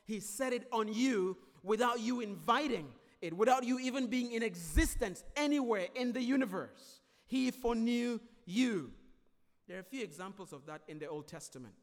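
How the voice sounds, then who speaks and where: A man preaching a sermon as pastor, emphatic and repetitive, swinging between loud declarations and quieter explanation. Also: very high-pitched, expressive, moderate pace. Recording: long hall reverb.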